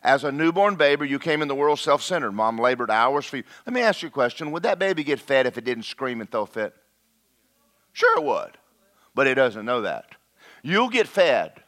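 A man preaching a lively, conversational sermon and talking straight to his congregation. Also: medium pitch, normal speed.

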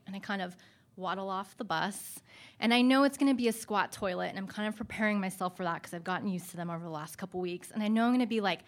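Woman storyteller, medium-pitched voice, lively and self-deprecating in a live personal tale. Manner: animated, self-mocking, laughing through the funny parts.

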